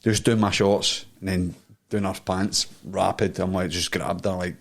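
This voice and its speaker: A man's voice: deep voice, steady tone, moderate pace, creaky. Laughing Scottish man telling crude stories. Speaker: podcast co-host. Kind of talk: casual chat.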